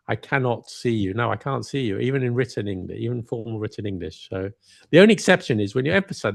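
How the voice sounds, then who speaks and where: A man co-hosting a casual podcast as an English teacher, relaxed and correcting himself as he gives spoken examples. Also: lowish voice, vocal fry, no room sound, clean studio sound.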